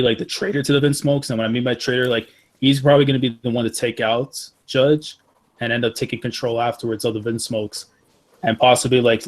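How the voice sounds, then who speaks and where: Male host, mid pitch, easygoing, filler-heavy group call talk. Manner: relaxed, peppered with "like". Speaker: podcast host leading the discussion. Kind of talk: casual group chat over voice call.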